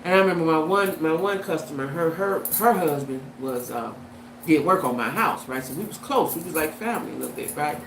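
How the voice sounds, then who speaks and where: A woman hosting a casual commentary vlog, talking to her viewers in an animated way and often asking them "right?". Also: sits low, a little fast. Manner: animated, talks to viewers with "right?" and "you know what I'm saying". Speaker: host. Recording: echoey room with faint background noise.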